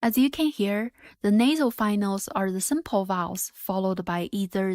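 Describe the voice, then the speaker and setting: A woman teaching a pronunciation lesson, modelling each sound carefully and deliberately. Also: medium pitch, steady tone, darkish tone, no room sound, studio quality. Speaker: Mandarin teacher. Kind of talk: slow, clear pronunciation lesson.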